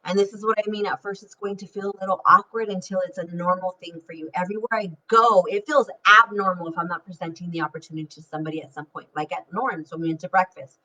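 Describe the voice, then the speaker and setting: Bright-voiced woman giving a motivational sales talk. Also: on the low side, quick pace, few pauses, recorded from a distance, slight background noise, rough recording. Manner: energetic, chatty, addresses listeners as "you guys". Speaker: direct sales team director. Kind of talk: motivational team training talk.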